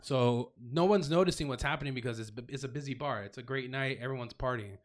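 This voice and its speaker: Animated man retelling a story. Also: mid-range voice, fast. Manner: animated, emphatic retelling with frequent swearing and restarts. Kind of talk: casual storytelling chat.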